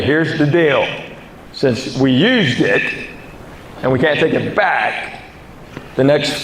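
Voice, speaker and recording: Deadpan man in an echoey, noisy room. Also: mid-range voice. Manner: deadpan, matter-of-fact delivery with quoted back-and-forth dialogue. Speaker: stand-up comedian. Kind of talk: stand-up comedy storytelling. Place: comedy stage before a live audience. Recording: roomy live recording with loud background noise.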